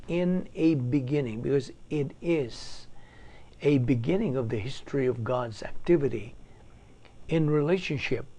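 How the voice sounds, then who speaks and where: A man's voice: mid-range voice, gravelly, mellow. A man teaching a doctrinal Bible study as an evangelist, explaining grammar methodically, step by step.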